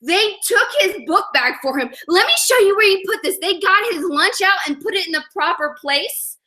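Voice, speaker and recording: A woman giving a live motivational talk to an audience, energetic and chatty, often asking "you know what I mean?". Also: extremely high pitch, normal speed. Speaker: motivational speaker.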